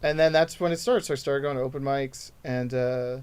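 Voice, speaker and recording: A man's voice: medium pitch, fairly even intonation, brisk, a little mellow, clean tone. A man in his thirties, a stand-up comedian guest telling his story in a rambling, self-deprecating way in casual podcast chat.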